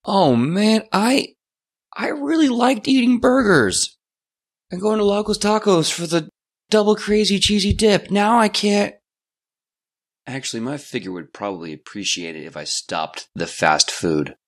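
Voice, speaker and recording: A young man playing a goofy, anxious newly turned vampire, stammering and gravelly. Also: low-pitched, lively intonation, moderate pace, few pauses, fairly bright tone, no echo, studio quality. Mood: fretful. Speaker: player voicing a character.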